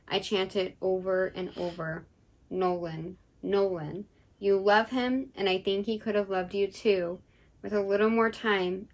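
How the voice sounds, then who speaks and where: A woman's voice: medium pitch, poor audio. A young woman co-hosting a casual book chat, recapping the plot and reading passages aloud. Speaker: book podcast co-host.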